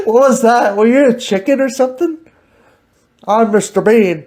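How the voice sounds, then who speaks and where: A woman's voice: on the high side, normal speed, darkish tone. A woman hosting a casual improvised chat, teasing and laughing often. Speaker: host.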